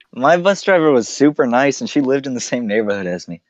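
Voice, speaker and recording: A man's voice: medium pitch, big pitch swings, normal speed, no room sound, lo-fi sound. A young man, a podcast co-host, chatting in a laid-back way, drawing out his memories and saying "dude" often. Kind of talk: casual chat.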